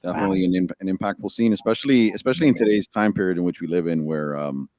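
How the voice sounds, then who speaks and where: A man hosting a casual interview, asking quick, lively questions and repeating himself. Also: low voice, noisy background. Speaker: podcast host.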